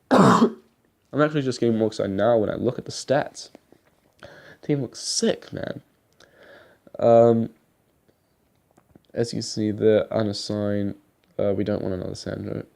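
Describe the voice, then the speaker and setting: A man's voice: on the low side, fairly even intonation, unhurried, gravelly, long pauses, a little mellow. A young man giving rambling, casual commentary over his football game footage, swearing now and then. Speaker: gaming YouTuber.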